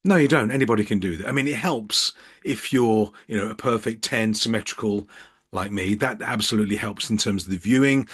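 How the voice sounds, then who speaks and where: With a lowish, husky voice and a slightly fast pace, a middle-aged Birmingham business coach speaks to camera from his office, giving relaxed tips and dry jokes about himself. The camera sits at eye level with a ring light.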